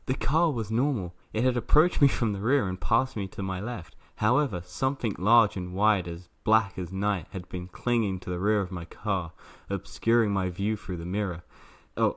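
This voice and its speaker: A man's voice: lowish voice, moderate pace, few pauses, a bit bright. A man co-hosting a casual podcast, reading a spooky story aloud and joking with his co-host. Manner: jokey, laughs often.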